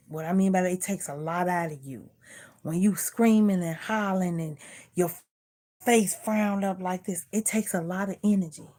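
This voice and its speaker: A woman's voice: on the low side, a little mellow. A middle-aged woman vlogger in casual chat, earnestly preaching life advice and repeating herself.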